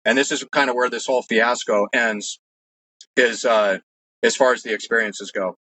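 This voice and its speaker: On a rough recording, a man with a mid-range voice tells stories from his own life as an interview guest. He talks at a moderate pace with fairly even intonation and a pushed, bright sound. It's casual storytelling, earnest and meandering, peppered with "like" and false starts.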